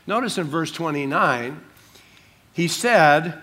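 Older male pastor, lively sermon delivery, higher-than-usual voice, humorous acted quotes. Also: normal speed. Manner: animated, acts out quotes, jokey asides.

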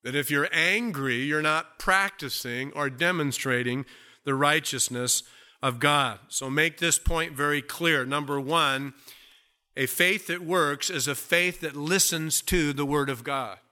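A man preaching a sermon as pastor, slow and deliberate, stretching out key words for emphasis. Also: a little high, sharp tone.

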